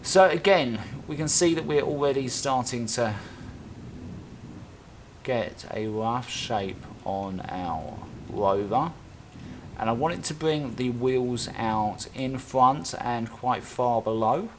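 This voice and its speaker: A man's voice: medium pitch, takes it slowly, a little hiss or hum. A man live-streaming a game, chatting casually and thinking aloud as he builds, with plenty of self-talk and little tangents. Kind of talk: casual live-stream commentary while playing.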